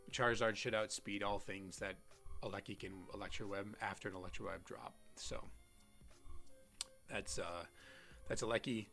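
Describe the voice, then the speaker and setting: A man giving casual strategy commentary on a competitive Pokemon team, halting often with "um"s and restarting his sentences. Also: lowish voice, a bit bright. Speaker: competitive Pokemon player and content creator.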